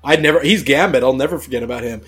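A man hosting a casual chat about movies, swearing freely and giving animated opinions. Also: mid-range voice, rapid-fire, slightly rough. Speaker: podcast host.

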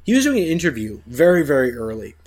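A man hosting a casual chat about movies, swearing freely and giving animated opinions. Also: medium pitch, fast. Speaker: podcast host.

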